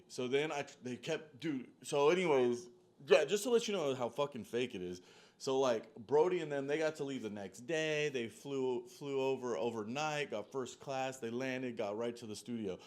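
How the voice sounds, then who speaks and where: A man's voice: medium pitch, normal speed. A man telling a long story in a loose, profane, rambling way, full of "like" and "dude". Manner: animated, jumps between tangents. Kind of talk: casual storytelling monologue.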